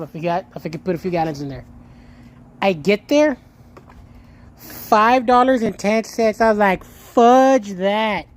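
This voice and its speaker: A young man livestreaming and chatting casually to his viewers. He tells stories in a lively way, swears and then corrects himself, and thanks a donor with a lot of emotion. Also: high-pitched. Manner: animated storytelling, swears and self-corrects, emotional gratitude.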